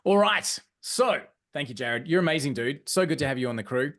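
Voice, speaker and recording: A man presenting a live online training session, energetic and often checking in with his audience. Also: on the high side, a little fast. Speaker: webinar presenter.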